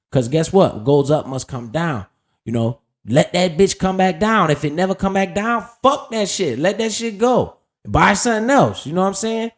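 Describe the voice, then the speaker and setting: Cussing hyped guy breaking down his stock buys, voice on the higher side. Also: darkish tone. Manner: profane, hyped, talks straight to viewers. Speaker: stock market streamer. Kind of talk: casual market commentary.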